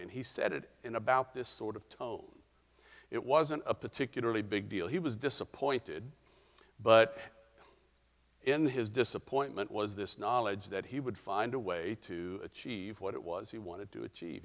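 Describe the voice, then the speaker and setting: Middle-aged male pastor, lower voice, unhurried reflective sermon delivery with pauses, reverberant sanctuary sound. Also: a bit bright. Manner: storytelling, reflective, with frequent pauses.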